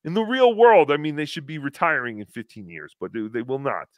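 A man hosting a podcast, talking casually with an animated, sarcastic delivery. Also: fairly high pitch, fairly quick, no room sound. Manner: animated, sarcastic, mocks with impressions. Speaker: podcast host. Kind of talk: mocking casual chat.

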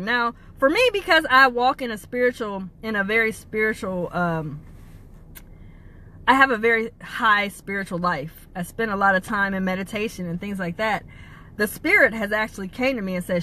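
A woman life coach giving a motivational talk. She is emphatic, asks rhetorical questions and swings her pitch widely. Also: lively intonation, moderate pace, pushed and bright.

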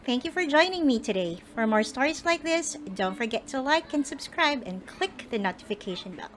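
A woman teacher reading a picture book aloud to children, slow and expressive. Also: high voice, a little hiss or hum, rough recording. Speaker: storyteller teacher. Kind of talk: read-aloud storytelling for kids.

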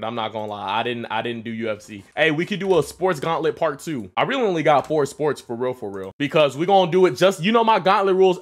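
A young man from the Atlanta area, streaming and commentating his own sports video games, swearing and yelling at plays. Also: mid-range voice. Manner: excitable, swears a lot, yells at plays. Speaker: gaming streamer. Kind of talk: casual gaming commentary.

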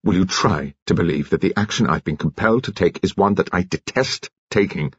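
A grave old colonel, as a male narrator puts him on, deep and husky, weighing every word with quiet misery. He sounds subdued and measured, dropping into a low, hushed register. The audiobook recording is dry and a little muffled.

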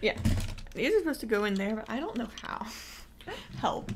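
A woman's voice: fairly high pitch, sing-song, normal speed, noisy background. A woman hosting a livestream, chatting casually and bubbly while building a toy set. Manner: bubbly, easily amused. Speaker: livestream host.

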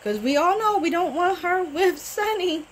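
A woman giving a casual, animated recap of a TV show, often talking back to the characters. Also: extremely high pitch, normal speed, slight background noise, poor audio. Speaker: TV recap vlogger. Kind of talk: casual soap-opera recap.

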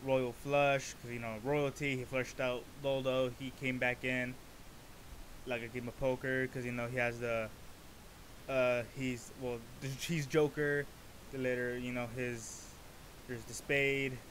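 An excitable man talks over a song in a casual reaction stream. He rambles, stops mid-thought and bursts into loud interjections. A faint hiss sits under his mid-pitched voice. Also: measured pace. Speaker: vtuber reacting to a rap song.

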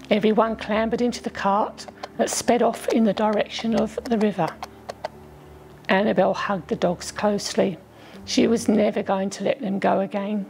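A woman narrating a children's storybook in an expressive, gently dramatic way. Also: mid-range voice, creaky, rough recording.

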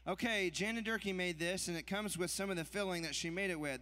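A man working as auctioneer at a church fundraiser, rolling off bids in a quick rhythmic chant and teasing the crowd. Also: sits high, bright, forceful tone, slight background noise. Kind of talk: live charity auction calling.

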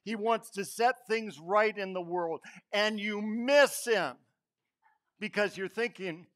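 A man with a notably high voice preaches a Sunday sermon in church. He tells a story, acts out quotes and sometimes drops to a hushed voice for emphasis. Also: slow. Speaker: pastor.

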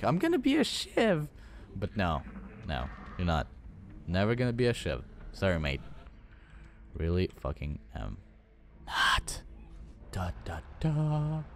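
A man's voice: low voice, expressive, normal speed, a little hiss or hum. A young man commentating his own gameplay, swearing a lot and scolding his game units. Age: young adult. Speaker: gaming channel host. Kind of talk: let's play commentary.

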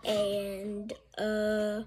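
A woman's voice: mid-range voice, completely flat delivery, extremely slow, noisy background. A woman chatting casually through a makeup tutorial, rambling and mocking herself, often trailing off. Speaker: makeup vlogger.

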